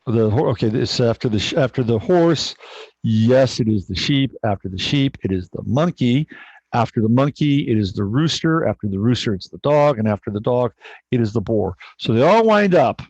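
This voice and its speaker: A man's voice: mid-range voice, animated, fairly quick, a little mellow, no echo. A man hosting an astrology livestream, telling a story in a rambling, casual way, swearing and often correcting himself, on a dull, dry recording.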